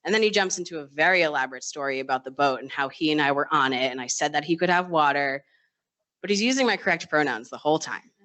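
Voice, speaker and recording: Nurse, live storytelling, bright tone, conversational, self-deprecating humor, acts out others' voices. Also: mid-range voice, quick pace. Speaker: ICU nurse. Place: live storytelling stage event.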